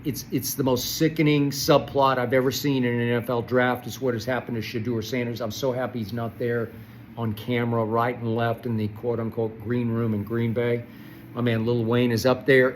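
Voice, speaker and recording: An older man hosting a solo sports commentary, ranting with passion and swinging from loud outbursts to soft muttering. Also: mid-range voice, a little hiss or hum, rough recording. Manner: impassioned, swings between shouting and soft muttering. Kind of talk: solo sports rant to camera.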